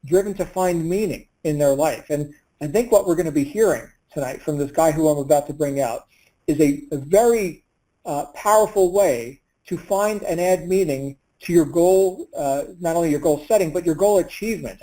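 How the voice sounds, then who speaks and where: A man hosts a group call and works his way into introducing a guest. He has a slightly high, mellow voice and a hesitant delivery, full of "uh"s and false starts. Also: normal speed, rough recording. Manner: hesitant, many fillers and restarts. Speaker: host of a coaching call.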